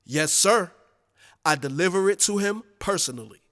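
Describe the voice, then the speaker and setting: A man's voice: high voice, expressive, normal speed, fairly bright tone, long reverb tail. A man voicing a courteous male mail clerk who talks in a polite, obliging way.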